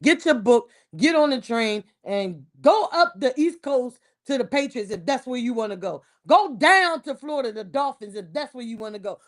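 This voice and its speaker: A woman ranting about her football team on a casual livestream, heated and emphatic, repeating herself and breaking into loud outbursts. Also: a little high, animated, normal speed, hardly any pauses. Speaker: livestream host. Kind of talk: casual sports rant on a livestream.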